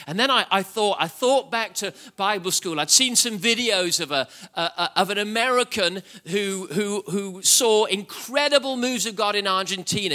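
Impassioned preacher, bright voice. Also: male voice. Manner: impassioned, swings from loud shouting to hushed low tones; animated, repeats words when excited. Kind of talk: sermon.

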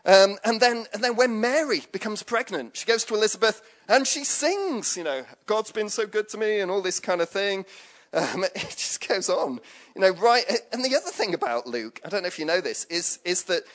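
Chatty man, higher voice. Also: big pitch swings, normal speed, a bit bright. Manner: chatty, jokey, with frequent asides and fillers. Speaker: preacher. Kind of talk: conversational sermon.

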